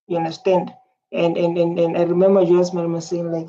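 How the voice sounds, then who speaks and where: A South African woman giving excited, repetitive commentary as a reaction video host, halting with fillers. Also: lowish voice. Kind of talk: casual commentary. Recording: dull lo-fi sound with faint ambience.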